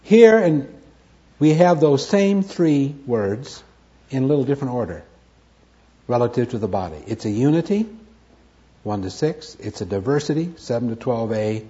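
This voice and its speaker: A man with a warm, medium-pitched voice teaches a Bible study lecture at a moderate pace, animated throughout. He stresses and repeats key words and asks his own questions before answering them, all on a dull lo-fi recording.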